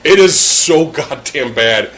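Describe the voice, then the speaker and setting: A male podcast host with a bright, lively voice that swoops up and down as he talks. He rambles loosely, swears constantly and laughs through his jokes in relaxed banter. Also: mid-range voice, slow pace, slight background noise.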